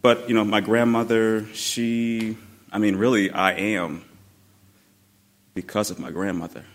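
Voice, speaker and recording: A man telling a personal story about his grandmother in an animated way, laughing and acting out the voices he quotes. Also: on the low side, measured pace.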